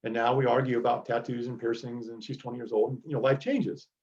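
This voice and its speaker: A man's voice: mid-range voice, level tone, quick pace, a little mellow, muffled recording. A middle-aged man, a DEA agent, giving an earnest motivational lecture to students over a video call.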